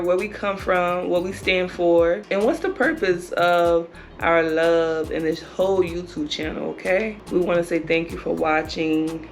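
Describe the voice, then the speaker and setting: A woman, chatting upbeat to viewers as a vlog co-host. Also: on the low side. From South Carolina, US. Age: 30s. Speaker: vlogger co-host. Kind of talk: casual chat to camera.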